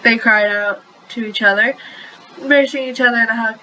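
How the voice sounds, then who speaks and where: A woman's voice: on the high side, fairly even intonation, brisk, bright, forceful tone, a little hiss or hum, rough recording. A woman casually reading a fan story aloud, often stumbling and correcting herself. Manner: stumbling, self-correcting, giggly. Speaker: story reader.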